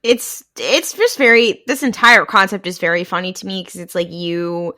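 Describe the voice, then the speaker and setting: A woman's voice: lowish voice, moderate pace, bright, forceful tone. A woman co-hosting a podcast in casual chat, with wry, amused commentary. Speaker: podcast co-host.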